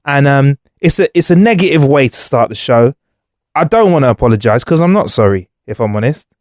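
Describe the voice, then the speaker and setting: A man co-hosting a podcast, bantering in a jokey, lively way. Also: medium pitch, a little fast, no echo, studio quality. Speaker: podcast co-host. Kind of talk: casual chat.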